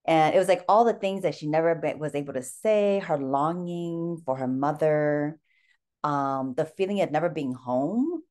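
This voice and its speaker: Woman in her forties, slightly low voice, sincere and personal, book club talk. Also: normal speed, warm tone. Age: 40s. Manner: heartfelt, personal storytelling. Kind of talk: casual group discussion.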